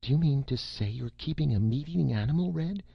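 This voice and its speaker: A man's voice: medium pitch, expressive, a little fast, creaky, breathy edge, no room sound, lo-fi sound, voice pushed up. A man voicing a worried, fussing mother who presses with alarmed questions.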